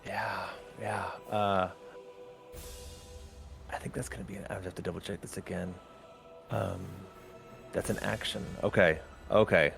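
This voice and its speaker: Deep gravelly man running a tabletop game. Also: fairly even intonation, a little slow, pauses often, a bit bright, faint music behind. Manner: hesitant, lots of ums while checking rules. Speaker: game master.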